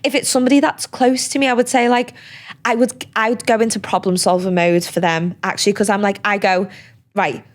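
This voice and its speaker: Chatty young woman. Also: mid-range voice. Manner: chatty, animated, quick asides with many fillers. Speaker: podcast guest. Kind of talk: casual conversational interview.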